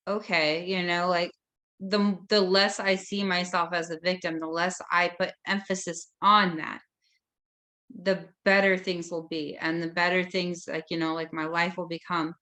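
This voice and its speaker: A woman's voice: on the low side, flat delivery, measured pace, bright, forceful tone. A woman taking part in a course discussion, talking casually and hesitantly with many fillers. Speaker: course participant.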